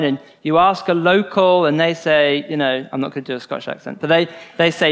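A man preaching in a relaxed, conversational way, with a voice sitting a little high for a man. He is earnest and informal, often circling back on a phrase or tucking in a "you know" as he works through a point. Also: moderate pace. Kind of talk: conversational sermon.

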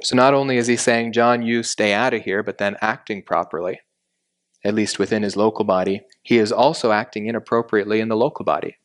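Measured low-voiced man teaching scripture. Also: steady tone. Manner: measured, explanatory, slows for emphasis. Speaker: Bible teacher. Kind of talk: verse-by-verse Bible lesson.

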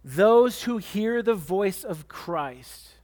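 A man's voice: expressive, extremely slow, darkish tone. A man preaching a sermon, reading scripture aloud and pressing his points with emphatic repetition. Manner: emphatic preaching with repeated words and sudden pitch swings. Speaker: pastor.

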